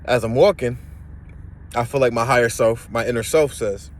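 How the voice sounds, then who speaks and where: A man's voice: medium pitch, moderate pace. A young man casually telling a personal story, acting out the voices of the people in it. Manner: animated, acts out voices in the story.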